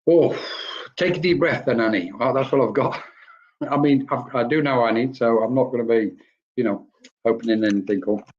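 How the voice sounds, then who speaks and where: A chatty man talks through spirit readings on a live stream. He rambles, greets viewers by name and laughs easily, and his voice sits at an ordinary middle pitch. The audio is slightly dull and lo-fi. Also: fairly even intonation, moderate pace, darkish tone. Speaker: medium giving spirit readings.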